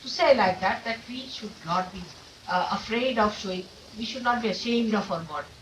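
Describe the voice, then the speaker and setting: A woman's voice: mid-range voice, a little fast, fairly bright tone. Emphatic woman teacher on an old distant tape. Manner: emphatic, full of rhetorical questions. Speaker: spiritual teacher. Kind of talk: informal talk to followers. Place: meeting room of an ashram. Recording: distant mic with faint hiss, old 1979 tape.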